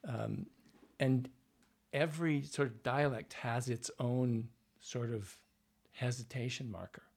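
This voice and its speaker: A Canadian man, a dialect coach, telling animated anecdotes in a relaxed interview and acting out other people's voices. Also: medium pitch, slow pace, gravelly, husky. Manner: animated anecdotes, acts out voices, frequent fillers. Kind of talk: conversational interview storytelling.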